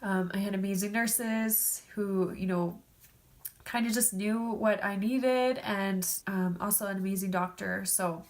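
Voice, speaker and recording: A woman's voice: mid-range voice, fairly even intonation, unhurried. A woman in her thirties with a stuffed-up nose, chatting casually to camera as a vlogger and filling her talk with "like" and "um". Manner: chatty, lots of "like" and "um". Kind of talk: casual storytelling vlog.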